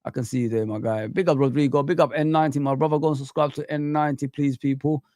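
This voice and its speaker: A man talking football on a live stream in an easygoing, slang-heavy way. His pitch sits in the middle. The sound is dry and close. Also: steady tone, fast talker, dry recording. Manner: chatty and laid-back, slangy, shouting out viewers. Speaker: football channel host. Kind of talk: casual live-stream commentary.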